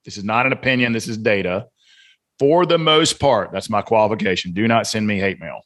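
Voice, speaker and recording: A man's voice: on the low side, fairly quick, a bit bright. A man from Atlanta, a guest author and coach on a podcast, talking in an earnest, emphatic, lecturing way. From Atlanta, Georgia, US. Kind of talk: casual podcast conversation.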